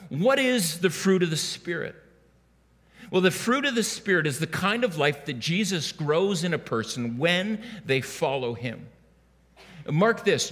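A man's voice: a little high, a bit bright. A man preaching a sermon in a church, telling stories in a conversational way and often restarting his words. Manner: conversational storytelling with many restarts. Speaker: pastor. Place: church sanctuary. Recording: long hall reverb.

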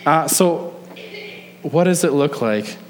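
A male pastor preaching a sermon, emphatic, slowing down to stress key phrases. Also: on the high side, animated, in a large hall, slight background noise. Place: church sanctuary.

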